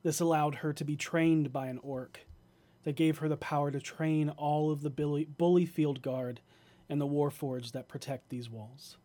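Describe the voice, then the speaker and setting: A man narrating a tabletop game as game master, slow and hesitant with fillers. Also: fairly high pitch, fairly even intonation, warm tone.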